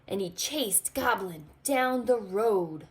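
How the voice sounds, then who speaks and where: A woman teacher reading a storybook aloud to young children, expressive and pointing out pictures. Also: medium pitch, slight background noise. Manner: expressive, slow, asks children to look. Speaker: pre-K teacher.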